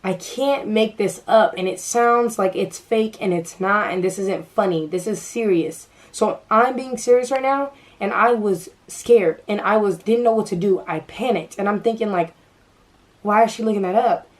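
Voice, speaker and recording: A woman's voice: mid-range voice, moderate pace, hardly any pauses, poor audio. Young woman vlogger, casual storytime to camera, nervous with frequent stutters and restarts. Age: young adult.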